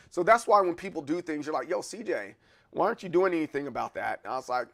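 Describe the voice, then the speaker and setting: A man hosting a casual live stream, chatting with his viewers in a rambling way, with many restarts and bursts of excitement. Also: fairly high pitch, quick pace, vocal fry. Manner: rambling, restarts a lot, chuckles and gets excited. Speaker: livestream host. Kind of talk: casual chat answering live chat.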